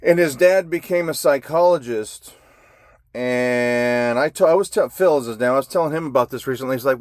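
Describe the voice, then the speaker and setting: A man's voice: medium pitch, normal speed, darkish tone, dry recording, studio quality. A man telling his life story in a raw, blunt monologue, swearing constantly. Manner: heavy profanity, blunt and agitated.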